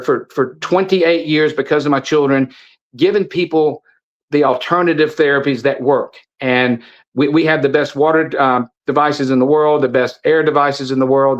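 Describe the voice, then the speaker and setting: A man's voice: medium pitch, lo-fi sound. A middle-aged man speaking as a guest in an impassioned, preachy monologue, repeating phrases and restarting his sentences. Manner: preachy, repetitive, stumbling restarts. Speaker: guest, supplement seller.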